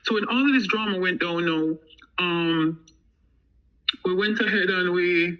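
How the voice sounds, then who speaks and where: A woman's voice: fairly low pitch, unhurried. An American woman tells her own story in a loose, casual way. She acts out what the others said as she goes. The audio is dull and lo-fi, like a live stream. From United States. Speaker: guest telling her story.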